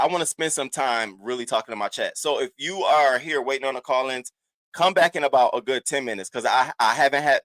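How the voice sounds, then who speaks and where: Brief: male livestream host, AAVE, lively and profane, greeting viewers one by one, dry room. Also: mid-range voice, dry recording. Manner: animated, profane, shouting out chat names. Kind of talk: casual livestream chat.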